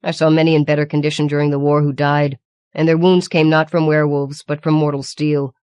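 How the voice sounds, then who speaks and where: A woman voicing a grave, hushed old man. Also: low-pitched, flat delivery, a little fast, clear, resonant tone, no echo, clean studio sound, close to an everyday voice. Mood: solemn.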